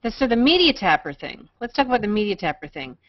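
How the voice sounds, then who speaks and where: A woman's voice: medium pitch, sing-song, fast, no room sound. A teasing woman on a dry, dull web call. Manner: playful, repeats herself teasingly. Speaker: co-host. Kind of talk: casual group video chat. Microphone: video call.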